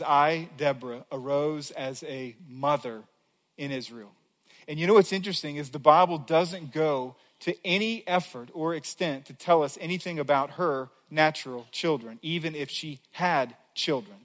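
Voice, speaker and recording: A man's voice: on the high side, normal speed. A man preaching a sermon as a pastor, earnest, reading scripture aloud with building emphasis.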